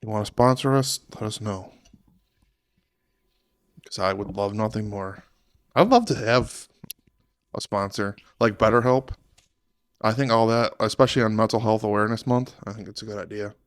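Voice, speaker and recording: A man's voice: lowish voice, normal speed, pauses often, dry recording. A young man hosting a casual podcast chat, rambling and playful. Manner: rambling, playful, mock accents. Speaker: podcast host.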